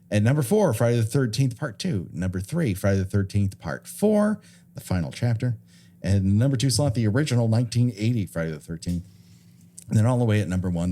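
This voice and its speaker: A man hosts a podcast in a low, mellow voice. He announces a ranked list one entry at a time and thanks his guests. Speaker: podcast host. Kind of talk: podcast wrap-up and list rundown.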